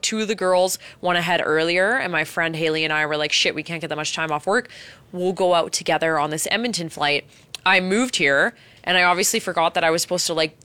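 A woman's voice: sits low, bright, forceful tone, clean tone, no room sound. A young woman from Canada, co-hosting a podcast and animatedly telling a story, swearing a lot. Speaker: radio podcast co-host. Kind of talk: casual chat, storytelling.

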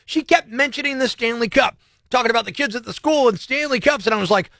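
A man's voice: very high-pitched, fast, sharp tone, dry recording. A man hosting a morning radio show, talking in a brash, mocking, sarcastic way. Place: radio studio.

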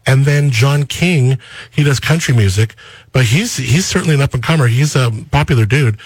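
A man's voice: medium pitch, moderate pace, slightly rough, dry recording. A man hosting a radio morning show from the studio, chatting with a guest in an upbeat, enthusiastic way, slipping into sing-song promo lines. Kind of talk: casual radio interview chat. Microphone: studio microphone.

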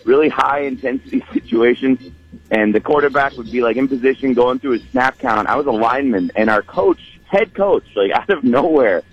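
Male caller, husky, animated storyteller, lo-fi phone line. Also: medium pitch, moderate pace. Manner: storytelling with lots of "like", laughing. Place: in a truck. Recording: dull phone-line sound.

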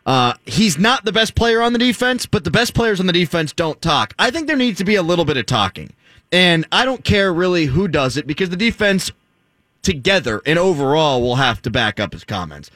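A man hosting a sports talk radio show, teasing callers in quick back-and-forth. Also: a little high, very animated, fairly bright tone, no echo. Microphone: studio microphone.

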